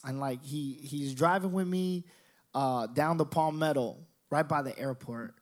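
Young male storyteller, slightly high voice, lively and profane, performs the other characters' lines. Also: a little slow. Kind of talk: storytelling monologue.

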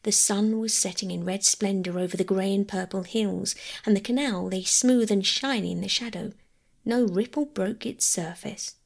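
A woman narrating a classic children's novel as a gentle bedtime audiobook reading. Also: mid-range voice, moderate pace, vocal fry. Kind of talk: scripted bedtime story narration.

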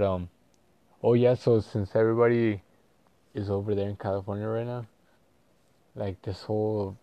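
A man talking casually in a personal vlog, rambling and halting with many fillers and restarts. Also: fairly low pitch, mellow, dry recording. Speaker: vlogger.

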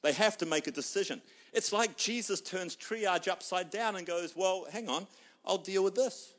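This pastor's voice is high as he delivers his sermon, full of stories in which he imitates different people. His delivery moves from loud outbursts to hushed passages.

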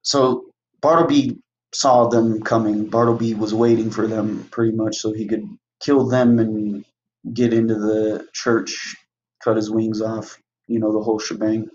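A man's voice: lowish voice, little pitch movement, measured pace, a little mellow, slight background noise. A young man casually retelling a movie plot on his podcast, rambling, swearing freely and acting out the characters' lines. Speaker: podcast host. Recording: muffled, roomy home recording.

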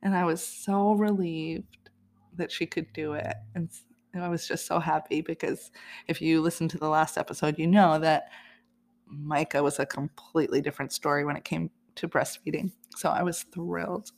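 A woman's voice: deep voice, steady tone, moderate pace. A woman hosting a podcast, telling a personal story in a chatty, casual way and laughing often. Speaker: podcast host.

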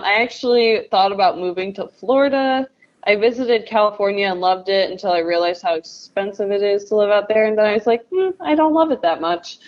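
Woman, playful teasing, frequent laughs, dull muffled sound. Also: medium pitch. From Ohio. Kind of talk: casual chat.

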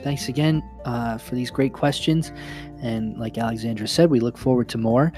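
A man's voice: mid-range voice, normal speed, a little mellow, soft background music. A man co-hosting a podcast, a priest explaining church practice in a thoughtful way, with many fillers and restarts. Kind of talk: casual explanatory podcast chat.

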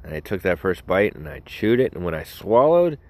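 A man's voice: sits low, big pitch swings, normal speed, a little mellow, no echo. A young man hosting a casual show, telling rambling, joking stories with many asides and self-interruptions. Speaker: podcast host.

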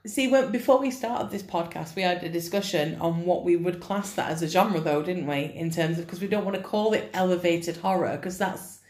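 A woman's voice: lowish voice, brisk, hardly any pauses, darkish tone. A woman co-hosting a casual podcast, laid-back and wry. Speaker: podcast co-host. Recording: echoey room.

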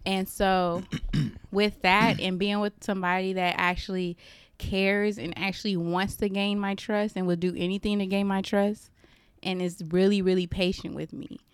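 A woman's voice: mid-range voice, fairly even intonation, clear, resonant tone, dry recording. A woman co-hosting a casual podcast, speaking candidly and hesitantly about trust. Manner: candid and emotional, slow and hesitant when opening up. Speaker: podcast co-host.

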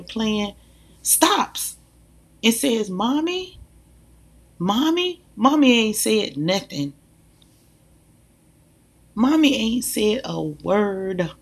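A woman, a mother, speaking in a casual, animated monologue, talking emphatically and directly to her listeners. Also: mid-range voice, creaky, husky. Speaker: mother sharing views.

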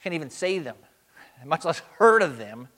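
A man preaching a sermon, earnest and emphatic, slowing down to stress key words. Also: on the high side, very animated, pushed and bright. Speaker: pastor.

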